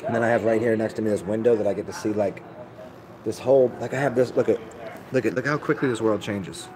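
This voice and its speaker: Low-voiced rambling man chatting live. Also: fairly even intonation, fast talker, a crowd in the background, low-quality recording. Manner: rambling, profane, laid-back, restarts often. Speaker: livestreamer answering chat. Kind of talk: rambling casual live-stream chat.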